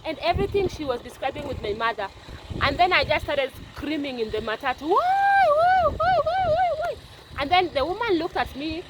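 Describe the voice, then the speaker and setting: High-voiced Kenyan woman telling a story. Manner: emotional, repetitive, circling back. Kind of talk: personal storytelling. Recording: noisy background with passing vehicles.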